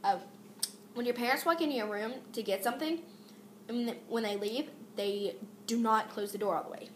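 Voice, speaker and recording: A woman's voice: a little high, a little fast, reverberant, a little hiss or hum. A teenage girl vlogging a casual rant about pet peeves, exasperated and rambling with many fillers and restarts.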